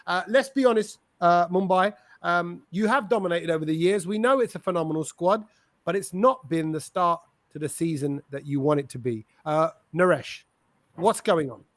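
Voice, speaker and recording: A man's voice: high-pitched, normal speed, a bit bright, dry recording. A man hosting a fan chat show, chatty and upbeat, reading out viewer messages. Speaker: host.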